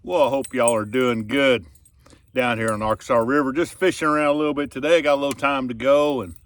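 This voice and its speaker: A man's voice: mid-range voice, fairly even intonation, fairly quick, dry recording. Folksy man, dry close sound. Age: middle-aged. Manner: drawling, folksy, earnest, often trails off softly. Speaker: fishing vlogger and tournament angler. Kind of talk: casual storytelling to camera. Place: outdoors on a boat on a river.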